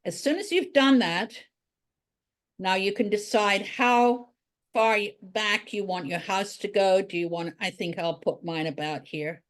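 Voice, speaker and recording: A woman's voice: medium pitch, unhurried. A woman art teacher giving a drawing tutorial, talking chattily and thinking aloud as she draws.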